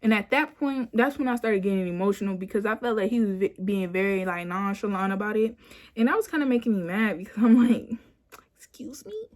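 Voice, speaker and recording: A young woman in her twenties chats through a personal story, rambling and loose, leaning on filler words. Her voice sits at an ordinary middle pitch. It is caught on a phone camera indoors at home. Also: quick pace. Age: 20s. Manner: chatty, rambling with frequent "like" and "you know"; animated when quoting herself. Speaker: vlogger. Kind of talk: casual storytime.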